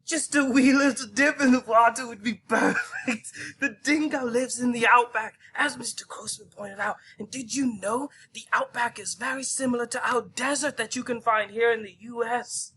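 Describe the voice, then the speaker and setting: A man co-hosting a classroom safari video, bantering in an over-the-top way with mock Aussie slang and the odd shout. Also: extremely high pitch, normal speed, hardly any pauses, slightly rough. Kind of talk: playful mock nature-documentary narration.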